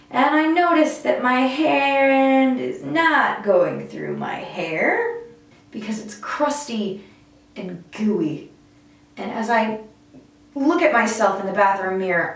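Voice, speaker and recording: A woman vlogger telling a personal story in an animated, candid way, swearing casually now and then. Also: mid-range voice. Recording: very echoey room, mic far off, faint music.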